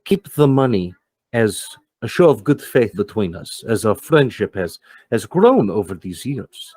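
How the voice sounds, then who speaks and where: A man's voice: fairly low pitch, big pitch swings, unhurried, darkish tone, dry recording. A man voicing a scheming male fixer with cybernetic hands, speaking formally and in a raised voice.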